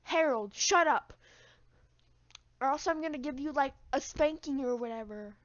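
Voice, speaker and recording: A woman's voice: high-pitched, normal speed, highs cut off, close to an everyday voice. A woman voicing a bossy schoolteacher who scolds sharply. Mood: scolding. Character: bossy short female schoolteacher, snappish.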